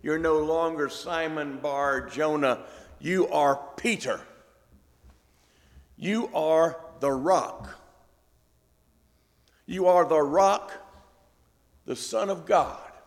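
A man's voice: fairly high pitch, extremely slow, pauses often, in a large hall. A man acting out a playful, teasing teacher in a sermon, exclaiming in a jokey tone. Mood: jovial.

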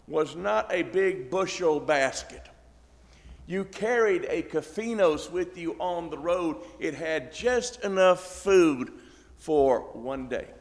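A middle-aged man preaching a sermon, telling the story in a folksy way with acted asides. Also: a little high. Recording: long reverb in a large hall.

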